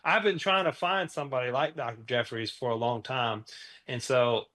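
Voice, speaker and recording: A man being interviewed as a podcast guest, telling stories in a casual, animated way and acting out other people's lines. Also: mid-range voice, moderate pace. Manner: animated storyteller, acts out dialogue. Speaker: podcast guest, wellness product creator.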